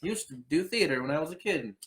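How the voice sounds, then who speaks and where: A man's voice: on the high side, expressive, fast, fairly bright tone, reverberant. A man co-hosting a casual podcast chat, joking and rambling, quoting movie lines. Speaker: podcast co-host.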